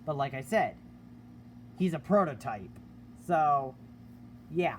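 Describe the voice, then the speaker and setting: Slow, hesitant man reviewing a collectible. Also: a little high, animated, slight background noise. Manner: unhurried, hesitant, with many filler words. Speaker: collector reviewing a Halloween animatronic. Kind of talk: casual product review.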